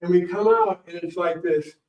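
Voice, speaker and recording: A middle-aged man giving a talk at a library, telling a rambling personal story in an animated way and acting out the people in it. The recording is dull and echoey, taken from a distant mic. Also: sits high, moderate pace. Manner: animated, rambling, acts out voices. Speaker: guest speaker. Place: library event room.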